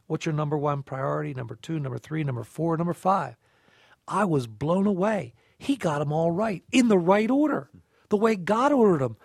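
Pria bersuara serak yang bercerita dengan hidup. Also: male voice, a little high, normal speed, gravelly, no echo, clean studio sound. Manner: animated storyteller, acts out dialogue. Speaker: co-host of a scripture reflection show. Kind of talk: conversational faith reflection.

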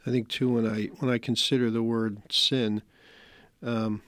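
A middle-aged man speaks in a steady, rather flat tone, pausing to search for his words as he reflects. His voice sounds dry and close to the mic. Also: medium pitch, no room sound. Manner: thoughtful, hesitant, searching for words. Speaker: host of a scripture reflection. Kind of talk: casual reflective talk.

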